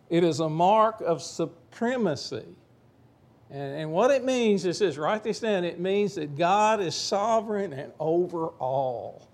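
A man's voice: high-pitched, a little mellow. Folksy older man preaching. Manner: folksy, joking asides to the congregation; slows down and rises to stress key words. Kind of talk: informal sermon with a told joke.

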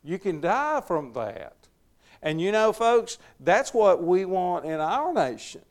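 A man's voice: high voice, very animated, slow pace. A middle-aged man, giving folksy, conversational Bible teaching and chuckling often. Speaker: preacher leading a Bible study.

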